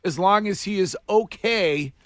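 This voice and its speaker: A man's voice: high-pitched, unhurried. A man hosting a morning radio show, chatting casually and jokily with lots of restarts. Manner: chatty, jokey, trailing fillers and restarts. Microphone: studio microphone.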